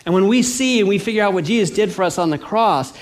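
A man preaching a sermon, animated and conversational, acting out little everyday scenes. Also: high-pitched, fast talker.

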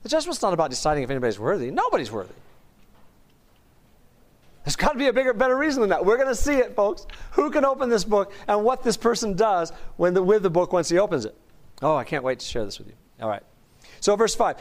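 High-voiced enthusiastic man teaching scripture. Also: very animated, a little fast. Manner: enthusiastic, chatty, often laughing and asking the audience. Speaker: Bible teacher. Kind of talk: sermon-style Bible study.

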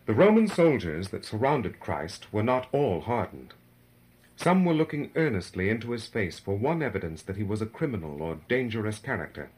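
A man's voice: on the low side, rough recording. A man giving a solemn, dramatic reading of a devotional narrative, rising in force for the crowd's cries. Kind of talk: scripted narration of a devotional book.

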